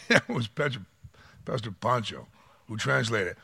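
A man's voice: mid-range voice, lively intonation, normal speed, gravelly, bright, forceful tone, slightly rough. A man preaching a sermon, reading scripture and acting out quotes with dramatic swings. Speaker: pastor.

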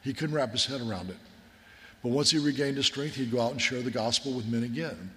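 Brisk and a bit bright, a mid-range male voice belongs to a military chaplain giving a sermon with war stories. He tells them in an earnest, folksy way, and the recording has long hall reverb.

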